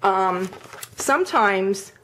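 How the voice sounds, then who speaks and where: A woman's voice: mid-range voice, animated, very slow, pushed and bright, a little hiss or hum. A middle-aged woman chatting casually in a home cooking vlog, rambling with lots of "like" and "um" while she shows the dough with her hands. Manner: demonstrates with hands while talking.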